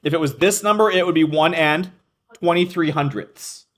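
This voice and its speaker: A man's voice: on the high side, moderate pace, a bit bright. A male math teacher explaining a lesson to a class, thinking aloud, correcting himself and calling on students by name.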